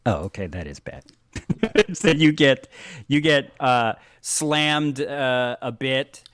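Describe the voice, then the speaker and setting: A man narrating as game master of a tabletop game, halting with many pauses and fillers. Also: mid-range voice, expressive, a bit bright, no echo, clean studio sound. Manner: halting, many ums and uhs, laughs often.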